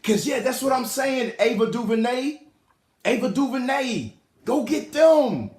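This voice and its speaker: In a casual commentary vlog recorded in a hot room at home, a man with a very high-pitched voice speaks at a measured pace in a reverberant space. He's animated and slangy, often repeating himself as he addresses his viewers and chat directly.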